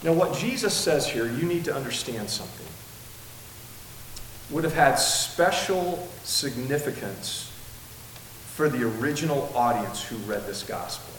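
A man preaching a sermon as pastor, emphatic, slowing down to stress key words. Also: medium pitch, expressive, fairly bright tone, far from the mic. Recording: echoey room with faint hiss.

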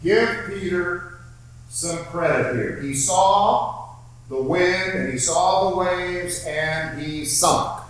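A man preaching a sermon at a very unhurried pace, leaning on repeated phrases for emphasis. His voice sits a bit high for a man. It is heard from a distance in a large, strongly echoing hall. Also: a bit bright, a little hiss or hum. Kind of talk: sermon with scripture reading. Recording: very echoey room, heard from far off.

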